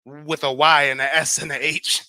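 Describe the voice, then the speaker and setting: Confrontational American male host, higher-pitched and bright, mocking interrogator. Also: flat delivery, normal speed, clear, resonant tone, no echo. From United States. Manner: mocking, interrogating, repeats demands. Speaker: livestream host. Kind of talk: confrontational live debate.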